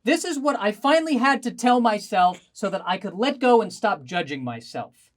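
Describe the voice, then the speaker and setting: A man doing a stand-up comedy set, telling animated stories with self-deprecating asides, performing remotely over a video call. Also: sits high, normal speed.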